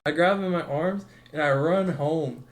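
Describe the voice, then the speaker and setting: A young man on a podcast talks with a slightly raised pitch, relaxed and casual. He drifts through his story and slips into voices for the people in it. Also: moderate pace. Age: 20s. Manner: laid-back, acts out quotes with swearing and laughter. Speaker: podcast co-host.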